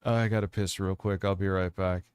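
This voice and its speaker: A man's voice: sits low, fairly even intonation, normal speed, clear, resonant tone, no room sound. A man streaming and reacting to clips, sarcastic and profane, talking close to a dry mic.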